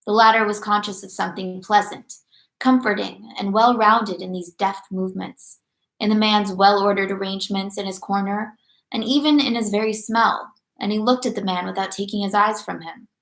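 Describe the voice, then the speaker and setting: A woman reading a classic novel aloud at a steady, measured pace. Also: mid-range voice, gravelly. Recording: echoey room.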